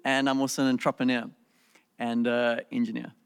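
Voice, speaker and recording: A man's voice: medium pitch, little pitch movement, a little fast, vocal fry, clear, resonant tone. South African man with a hall echo. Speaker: pastor and entrepreneur, panel guest. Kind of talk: casual panel talk.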